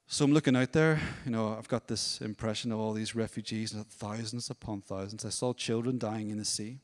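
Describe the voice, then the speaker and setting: A man giving a testimony at a church service, telling his story in a lively way and acting out other people's voices. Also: fairly low pitch, a little fast, long reverb tail. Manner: storytelling, animated, acts out voices. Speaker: worship leader. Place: church hall.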